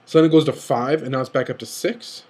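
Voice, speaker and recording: A man's voice: mid-range voice, steady tone, a little mellow, breathy edge. A young man giving eager, rambling play-by-play analysis of a recorded card game, often restarting his sentences. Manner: eager, rambling, often rushes and self-corrects. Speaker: card game video commentator. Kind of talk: excited game analysis commentary.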